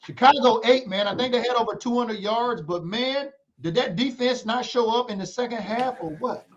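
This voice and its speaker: Male sports podcast co-host, high voice, playful trash talk, lo-fi sound. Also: normal speed, slight background noise. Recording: dull lo-fi audio.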